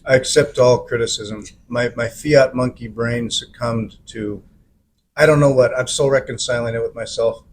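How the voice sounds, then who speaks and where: Male podcast host, hesitant and self-searching, mid-range pitch, faint noise floor. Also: steady tone, moderate pace. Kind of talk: casual chat.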